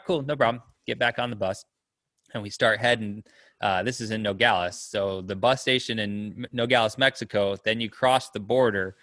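A man's voice: fairly low pitch, bright, forceful tone, dry recording, clean studio sound. A man telling a long story in casual chat, rambling, with lots of fillers, and acting out the people in it. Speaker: storyteller guest.

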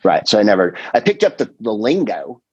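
A middle-aged man, a comedian and podcast host, chatting casually in a rambling, animated way, full of quoted voices and swearing. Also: lowish voice, a little fast, breathy edge, no echo, lo-fi sound. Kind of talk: casual chat.

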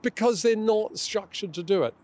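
A middle-aged guest author with a high-pitched, slightly mellow voice speaks at normal speed in a conversational interview. He talks emphatically and acts out the quoted voices.

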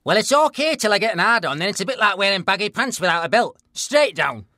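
A man playing a deadpan northern bloke. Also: high-pitched, fast, dry recording, clean studio sound, full character voice. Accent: Northern English. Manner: deadpan, blunt, plain-spoken. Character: gruff northern ex-stalker bloke, blunt. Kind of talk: mock documentary interview.

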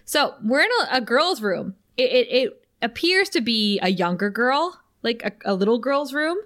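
A woman's voice: a little high, normal speed. A woman co-hosting a podcast, chatting casually and animatedly as she recaps a TV episode. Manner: chatty, animated, laughs often. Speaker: podcast co-host.

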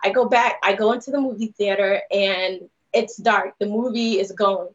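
A woman's voice: mid-range voice, steady tone, normal speed. A woman guest speaker telling her personal story in a candid, rambling way, full of "you know" fillers. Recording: dull lo-fi live stream audio.

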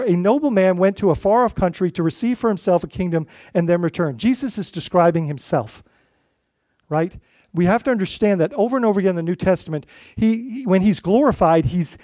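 A male lead pastor preaching a sermon in an earnest, halting way, with frequent restarts and repeated words. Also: high voice, mellow, dry recording, clean studio sound.

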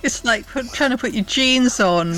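A woman's voice: a little high, normal speed, fairly bright tone, soft background music. A woman playing a tabletop game, making amused, dry remarks. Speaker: player.

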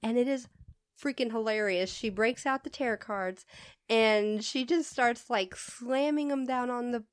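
A chatty woman co-host with a fairly high voice, swearing freely as she tells stories. She drifts off on tangents and reins herself back in. The recording is dry and close. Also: measured pace, smooth, no echo. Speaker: podcast co-host. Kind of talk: casual chat.

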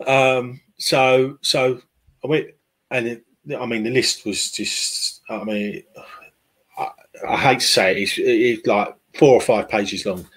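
A man's voice: mid-range voice, fairly even intonation, slow pace, a bit bright, breathy edge. A man, a podcast guest, talking casually and hesitantly with many fillers and restarts. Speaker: podcast guest, football club fan liaison. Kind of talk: casual conversational interview.

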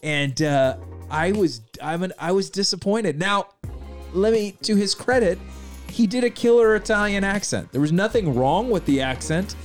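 A man's voice: sits high, normal speed, soft background music. A man co-hosting a casual film review chat, agreeable and talkative, often chiming in with yeah.

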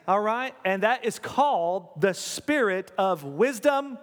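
A man's voice: sits high, animated, unhurried, hardly any pauses, long reverb tail. A man preaching a sermon in a church, talking conversationally, coaxing the congregation and repeating key lines.

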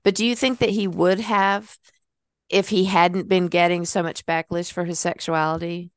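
A woman hosts the interview in a fairly low, smooth, resonant voice. She responds with warm encouragement between questions. The recording is close and dry. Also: little pitch movement, normal speed, no room sound. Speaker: interview host. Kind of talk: interviewer, supportive listener.

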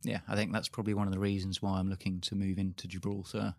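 A man's voice: low-pitched, flat delivery, fast, gravelly, no room sound, studio quality. A man from Guernsey answering as an interview guest, hesitant, with a lot of fillers.

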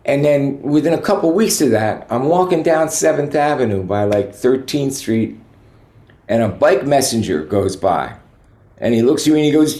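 A man, a guest musician, telling relaxed stories in a rambling way, full of "you know". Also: medium pitch, normal speed, roomy sound. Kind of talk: relaxed anecdotal storytelling.

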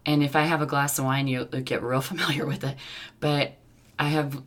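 Very low-voiced woman with a lisp. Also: level tone. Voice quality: slight lisp. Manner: rushes and trips over words. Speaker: podcast co-host. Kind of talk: casual chat.

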